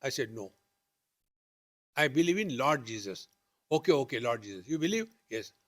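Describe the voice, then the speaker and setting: A man speaking at a moderate pace in a mid-range voice offers a spiritual talk in a retreat hall. Through animated storytelling, he plays both parties in conversations, posing questions with a rising tone.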